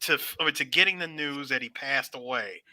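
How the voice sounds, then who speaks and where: A man hosting a podcast, animated, slowing down to retell a scene dramatically. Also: medium pitch, dry recording. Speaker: podcast host. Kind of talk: casual chat.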